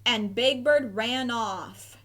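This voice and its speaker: A woman reading a children's picture book aloud, clear and gentle in her narration. Her pace is very slow and unhurried, and her voice sits a little high. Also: slight background noise. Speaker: storybook reader.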